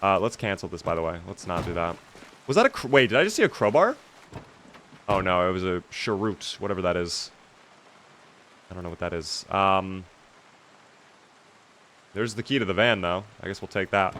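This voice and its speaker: A man's voice: sits low, normal speed, pauses often, a bit bright, a little hiss or hum. A young man streaming a zombie survival game, chatting casually and reading out viewer questions to answer them. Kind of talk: casual gameplay commentary reading chat.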